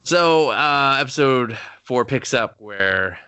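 Bright-voiced man rambling casually. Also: medium pitch, animated, smooth. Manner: rambling, profane, quotes characters in quick put-on voices. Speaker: podcast co-host. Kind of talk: casual chat recapping an anime episode.

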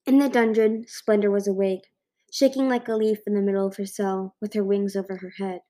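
A woman reading a fantasy novel aloud, expressive, with occasional stumbles and restarts. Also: mid-range voice, a little fast. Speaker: amateur audiobook reader. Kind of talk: storybook reading.

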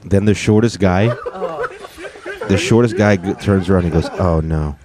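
A man's voice: sits low, steady tone, moderate pace, a crowd in the background. A man hosting a podcast, giving loose, jokey commentary as he reacts to video clips. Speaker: podcast host.

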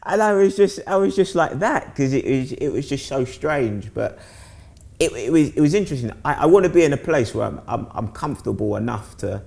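A young man from South East London, England, has a gravelly, mid-range voice and talks a little fast with a London accent. In this casual guest conversation he rambles, restarts and repeats words often, and gets animated telling stories.

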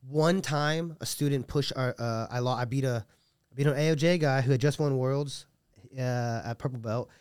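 A man's voice: mid-range voice, moderate pace, darkish tone, smooth, no echo, studio quality. A man speaking as a jiu-jitsu coach in a casual podcast interview, rambling and earnest with many restarts. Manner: earnest and heartfelt.

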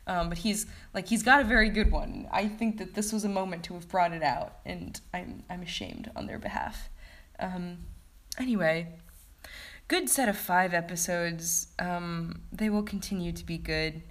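Lowish-voiced woman rambling thru a tv review, lots of likes and ums, kinda sleepy. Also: moderate pace, a bit bright. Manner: rambling, heavy use of "like" and "um". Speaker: TV episode reviewer. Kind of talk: casual spoken review.

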